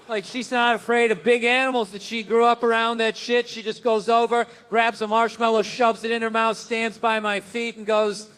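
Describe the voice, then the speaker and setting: This middle-aged comic, whose voice sits unusually high for a man, spins a wild tale on stage. Swearing and full of energy, he acts out the other people in the story and leaps into their lines.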